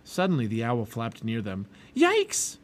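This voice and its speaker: Expressive man reading a storybook. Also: medium pitch, normal speed. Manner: expressive, lively read-aloud. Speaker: storybook reader. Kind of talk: reading a children's book aloud.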